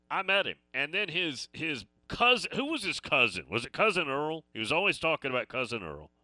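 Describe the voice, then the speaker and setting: A sports talk radio host rambles through stories and listener texts. His voice is very bright and his pitch moves a lot. The sound is close and dry. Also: dry recording. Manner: rambling, reading listener messages.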